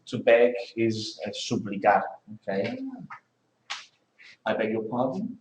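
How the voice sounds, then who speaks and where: Man, English teacher, unhurried, roomy classroom echo. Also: lowish voice, sing-song, a little hiss or hum. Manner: models pronunciation by repeating words, questioning students. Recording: echoey classroom.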